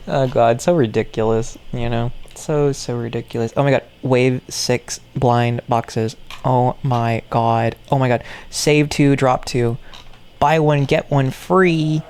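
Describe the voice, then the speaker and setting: Gravelly, rambling reaction commentator. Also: medium pitch, steady tone, slow, darkish tone. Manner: jokey, repetitive, ironic asides. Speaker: video maker reacting to toy content.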